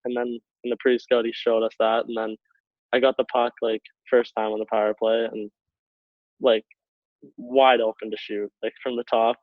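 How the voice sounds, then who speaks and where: Young man, from Canada, relaxed storyteller, laughs a lot, tinny phone line, dry sound. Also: medium pitch, normal speed, no room sound. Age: young adult. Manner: laughs often while telling stories, relaxed, filler-heavy. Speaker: guest, hockey player. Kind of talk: casual storytelling. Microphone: call over internet.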